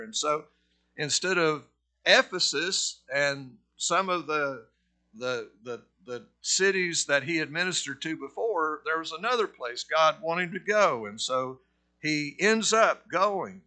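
A middle-aged pastor from Georgia with a Southern accent, preaching a conversational sermon that rises to forceful emphasis. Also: male voice, a little high, animated, unhurried. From Georgia, USA.

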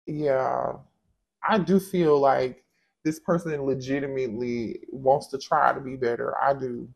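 A man doing a casual tarot reading for his viewers, animated and exclaiming, talking straight to them. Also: a little high, unhurried, vocal fry. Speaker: tarot reader.

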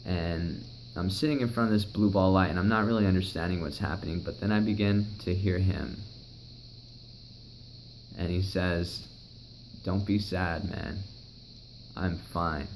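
A man's voice: deep voice, normal speed, darkish tone, slight background noise, low-quality recording. A young man recounting a personal story in a rambling, emotional way, swearing often. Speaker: vlogger.

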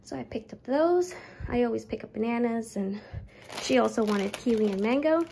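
A young woman talks through her weekly groceries in a rambling, chatty way, a little breathless. Her voice sits fairly high and has a gravelly fry, with faint noise in the background. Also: animated, moderate pace, dark tone, low-quality recording. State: pregnant, slightly out of breath. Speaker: vlogger. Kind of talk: casual grocery haul chat.

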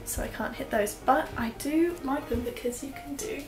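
A bright-voiced young woman from Australia talks through a casual tour of her tiny flat, her accent slipping toward British now and then. She rambles with fillers and giggles. The sound is echoey, with soft music underneath. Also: high voice, normal speed. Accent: Australian, drifting British. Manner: chatty, giggly, lots of fillers. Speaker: vlogger. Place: small apartment room. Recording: echoey small room, faint background music.

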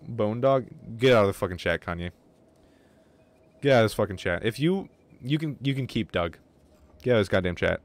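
A man chatting at his desk as he plays a game on stream, excitable and foul-mouthed. His voice sits in the middle range, recorded close and dry, with keyboard typing behind him. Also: mid-range voice, dry recording. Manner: excitable, swears a lot, talks to chat. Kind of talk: casual livestream gaming commentary.

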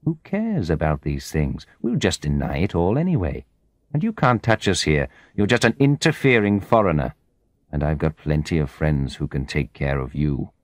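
A man's voice: extremely low pitch, big pitch swings, moderate pace, dry recording, clean studio sound. A man voicing a greedy, menacing businessman in an audiobook, speaking in an arrogant, threatening way.

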